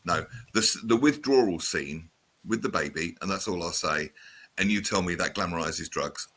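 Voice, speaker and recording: A man in his fifties from the south of England hosting a radio show, chatting in an animated way and reading out listener messages. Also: sits low, normal speed, slightly rough. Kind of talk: casual radio chat.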